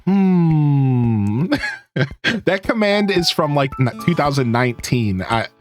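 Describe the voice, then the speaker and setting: A man's voice: on the high side, normal speed, soft background music. A man streaming a video game, chatting casually and joking with his viewers. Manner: animated, jokey, talks to chat. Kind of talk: casual gaming chat.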